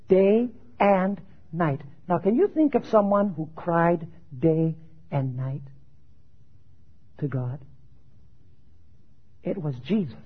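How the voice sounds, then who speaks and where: Slow, dramatic high-voiced male preacher. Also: husky. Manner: dramatic, rising loud on quoted scripture and dropping low for questions; asks the audience questions and answers them. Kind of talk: sermon. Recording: dull lo-fi sound.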